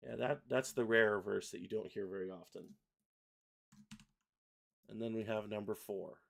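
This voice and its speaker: A man hosting a livestream software tutorial in a relaxed, chatty way, reading lyrics aloud as he types and clicks. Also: on the low side, moderate pace, creaky. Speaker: host, software product designer. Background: keyboard typing and mouse clicks.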